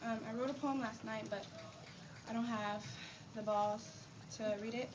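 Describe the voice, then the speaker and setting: A woman's voice: on the high side, steady tone, normal speed, recorded from a distance, background noise. A woman performing her own spoken-word poem in a classroom, with an intense, rhythmic delivery, recorded on a phone. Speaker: poet. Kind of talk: spoken-word poetry reading.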